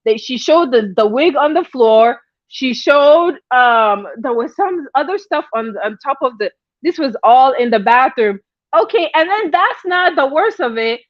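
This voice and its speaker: High-voiced woman chatting on a livestream. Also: lively intonation, a little slow, dry recording, highs cut off. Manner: chatty, laughs often, greets viewers by name. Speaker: livestream host. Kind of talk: casual livestream gossip chat.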